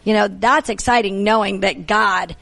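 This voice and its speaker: A woman's voice: medium pitch, fairly even intonation, normal speed, vocal fry, fairly bright tone. Earnest middle-aged woman encouraging mothers. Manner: earnest, repeats phrases for emphasis, laughs easily. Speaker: Christian talk show co-host. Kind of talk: encouraging faith-based talk.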